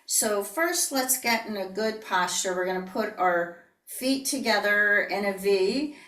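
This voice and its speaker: A woman teaching tai chi in an online class, calmly cueing each step and breathing out whispered healing sounds. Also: medium pitch, unhurried, distant mic. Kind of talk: online movement class instruction. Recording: echoey room, voice heard from off the mic.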